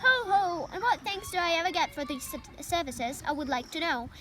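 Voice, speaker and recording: A woman's voice: very high voice, normal speed, noisy background. A young woman voicing a lazy, sarcastic male rat who grumbles and mocks in disgust, reading a storybook aloud.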